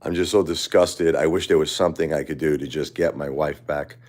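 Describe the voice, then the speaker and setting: A middle-aged man hosting a livestream, talking unscripted in a quiet, halting way and often repeating himself. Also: rumbling low, steady tone. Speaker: livestream host. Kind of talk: unscripted personal monologue.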